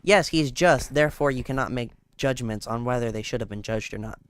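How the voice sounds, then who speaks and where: A man streaming a game while chatting about Christian faith, explaining scripture earnestly and gently cautioning viewers. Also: mid-range voice, fairly quick, clean tone. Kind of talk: casual faith chat while gaming.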